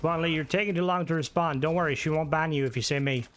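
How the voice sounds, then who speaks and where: This man is a gaming streamer on a live broadcast. His voice sits a touch high, and he rambles as he reads and answers chat. He swears freely and flares into excited outbursts mid-game. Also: quick pace, a little hiss or hum. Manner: excitable outbursts during gameplay. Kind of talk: casual gaming livestream chat.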